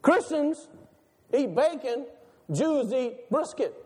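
A male pastor preaching a sermon with animated rhetorical questions and laughter between lines. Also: extremely high pitch, slow pace, slightly rough. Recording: long hall reverb.

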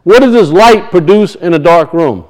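A man's voice: high voice, expressive, normal speed, a little mellow, poor audio. A middle-aged man preaching a sermon, firing rhetorical questions at his congregation. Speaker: pastor.

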